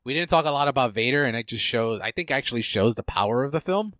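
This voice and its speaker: Guy hosting a film podcast, bright voice, rambling and chill, dry close mic. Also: mid-range voice, quick pace, dry recording. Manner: relaxed and rambling, with many fillers. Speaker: podcast host. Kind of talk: casual chat.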